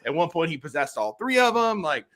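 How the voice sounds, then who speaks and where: A man's voice: on the high side, big pitch swings, brisk, fairly bright tone. A man co-hosting a casual sports podcast, upbeat and enthusiastic as he chats. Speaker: podcast co-host.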